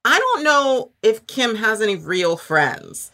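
A woman chats as a podcast guest, giving frank, opinionated takes. Her voice is bright and sharp-edged. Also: a little high, big pitch swings. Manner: frank, opinionated, quick asides. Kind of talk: casual podcast chat.

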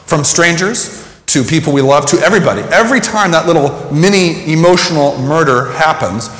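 A man's voice: a little high, brisk, fairly bright tone. A man preaching a sermon, telling a personal story and reflecting in a conversational way. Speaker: pastor. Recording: echoey hall with long reverb.

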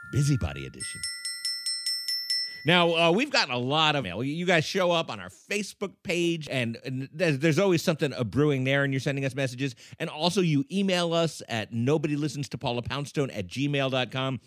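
A man's voice: fairly high pitch, a bit bright, dry recording, clean studio sound. A man co-hosting a comedy podcast, playful and teasing in casual banter. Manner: playful, teasing, dramatic pauses. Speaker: podcast co-host.

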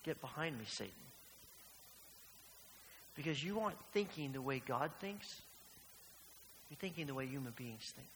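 A man voicing a calm, resolute male teacher who speaks plainly and earnestly. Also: mid-range voice, moderate pace, pauses often, pitched below the performer's own voice. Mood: stern. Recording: long hall reverb, faint hiss.

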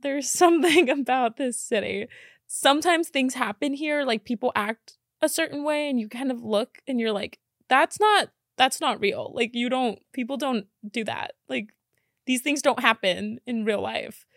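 A woman's voice: fairly high pitch, normal speed, vocal fry, dry recording, clean studio sound. A young woman hosting a podcast, chatting casually and rambling, laughing often and saying "like" a lot. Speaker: podcast host. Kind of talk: casual chat.

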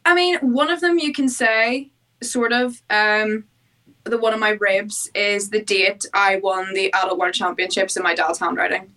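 A woman's voice: medium pitch, fairly even intonation, moderate pace, sharp tone. A woman with a Northern Irish accent, a giggly and understated guest in casual chat. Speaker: podcast guest.

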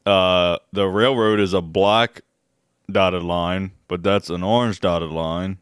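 A man with a low, smooth voice riffs sarcastically on a casual podcast. He swears freely and laughs a lot. The sound is close and dry, with no room echo. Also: steady tone, takes it slowly. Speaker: podcast co-host. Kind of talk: casual conversational podcast chat.

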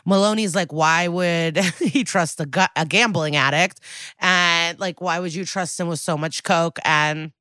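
A woman with a fairly low voice tells a story in a relaxed, chatty way, with a lot of fillers. She acts out quoted lines, and her pitch leaps up for each one. The sound is dry and close to the mic. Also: unhurried, no room sound. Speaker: podcast co-host recapping an episode. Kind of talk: casual chat.

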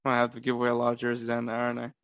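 A man's voice: mid-range voice, completely flat delivery, rapid-fire, a bit bright, dry recording. Man, sports podcast host, self-mocking, laughs a lot, dry close sound. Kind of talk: casual sports podcast chat.

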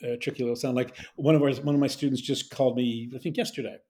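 A man, a dialect coach telling stories in a relaxed interview and acting out the lines he quotes. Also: mid-range voice, quick pace. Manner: animated storyteller, acts out quotes. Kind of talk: conversational interview.

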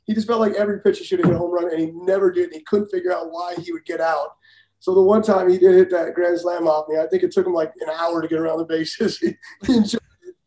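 A man, a former major league pitcher, telling blunt, profane stories in a casual talk and laughing often. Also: steady tone, fast talker, dark tone, roomy sound, low-quality recording. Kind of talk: casual storytelling.

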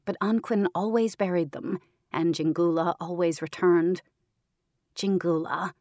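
A woman narrating a story in a calm, measured way, her voice sitting a little low. She reads evenly on a close mic. The sound is dry with no room around it. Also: no room sound. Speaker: audiobook narrator. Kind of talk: scripted narration.

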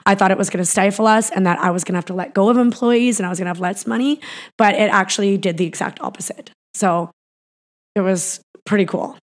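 A woman's voice: mid-range voice, fast talker. A woman from Canada talking as a business founder in a casual interview, rambling with lots of fillers and restarts.

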